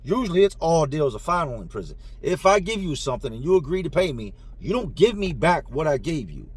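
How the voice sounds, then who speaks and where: A man spins a story casually, his voice sitting a little high. He jumps into the dialogue with lively slang. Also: a little fast, slightly rough. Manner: animated, acts out dialogue with slang. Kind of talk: casual first-person storytelling.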